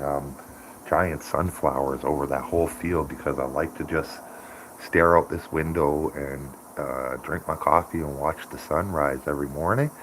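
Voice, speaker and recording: A man's voice: very deep voice, slight background noise. A man chatting casually on a morning live stream, rambling and laughing often. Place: home by a window.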